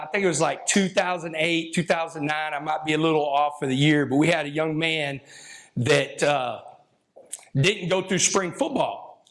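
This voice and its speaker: A man, a football coach giving a folksy, emotional, rambling talk to an audience. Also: fairly high pitch. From Texas. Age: 50s. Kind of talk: speech to an audience.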